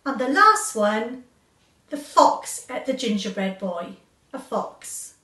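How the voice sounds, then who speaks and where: A woman teacher reading out a children's quiz, slow and clear, repeating each question. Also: on the high side, very animated, sharp tone. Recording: echoey room, far from mic.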